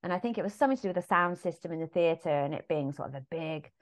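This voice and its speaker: A woman with an English accent, a musical theatre actress chatting as a podcast guest and telling lively anecdotes, acting out the lines she quotes. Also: lowish voice, rapid-fire. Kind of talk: casual anecdotal chat.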